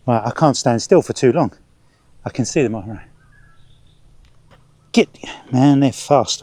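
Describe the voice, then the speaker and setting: A man's voice: mid-range voice, expressive, normal speed, pauses often, warm tone, no room sound. A middle-aged man vlogging outdoors in a park, rambling in a chatty, stop-start way as he birdwatches and swats at bugs. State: sweating, swatting ants and bugs. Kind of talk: casual outdoor vlog narration.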